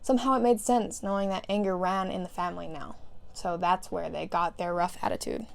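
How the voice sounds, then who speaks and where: A woman's voice: lowish voice, fairly even intonation, brisk, creaky, a little hiss or hum. A woman casually reading a fan story aloud, who often giggles and breaks off to restart a line. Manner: giggles through lines, stumbles and restarts. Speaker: fan fiction reader.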